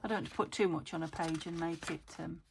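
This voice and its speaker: A woman's voice: deep voice, steady tone, fairly quick, gravelly, slight background noise. A woman casually chatting to herself as she works on a junk journal, thinking aloud and often slipping into a whisper. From United Kingdom. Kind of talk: casual crafting chat.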